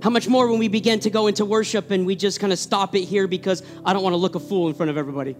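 A middle-aged man preaching a sermon, energetic and fervent, often repeating his words as he builds up. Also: high-pitched, racing, faint music behind. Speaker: pastor.

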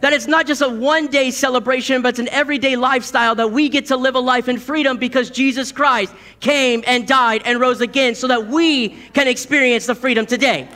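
A man in his thirties delivers a sermon in a very high, bright voice. He tells stories with a chuckle and repeats key words for emphasis. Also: fairly even intonation, fairly quick, few pauses. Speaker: preacher.

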